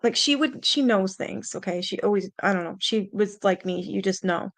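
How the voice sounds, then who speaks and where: Her medium-pitched voice moves at a moderate pace, recorded with no room sound. The young adult host shares a ghost story from her own life, rambling casually with plenty of fillers and mild swearing in an earnest, spooked tone.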